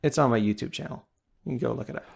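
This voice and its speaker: Podcast co-host, male, gravelly, understated, conversational. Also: mid-range voice, very fast, a little mellow. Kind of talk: casual podcast chat.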